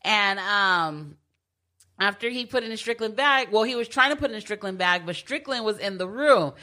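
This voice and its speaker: A woman's voice: medium pitch, animated, moderate pace, pushed and bright. A woman chatting casually, recapping a story and acting out quoted lines, laughing often. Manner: laughs often, acts out quoted lines while retelling a plot. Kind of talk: casual chat.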